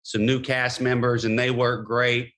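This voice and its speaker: A man in his fifties, a guest in a casual interview, talking in a laid-back, wry, deadpan way. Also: medium pitch, unhurried.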